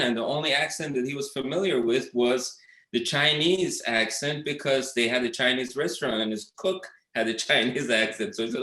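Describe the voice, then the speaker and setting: A man's voice: mid-range voice, normal speed, fairly bright tone. Man, podcast guest, rambling stories, lots of fillers, echoey room sound. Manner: rambling storytelling with many fillers. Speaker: documentary director, guest. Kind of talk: casual interview talk. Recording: roomy echo.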